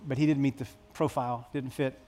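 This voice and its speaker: A man preaching a sermon to his church, telling a story with dramatic swings between hushed and loud. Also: medium pitch, steady tone, fast talker, faint music behind. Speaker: pastor.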